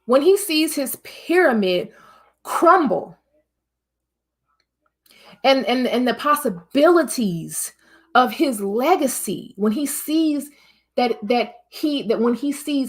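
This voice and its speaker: A high-pitched woman from the United States hosts her own vlog. She talks straight to her viewers in an emphatic, preachy way. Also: animated, slow pace, long pauses. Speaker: vlog host. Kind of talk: casual opinion monologue.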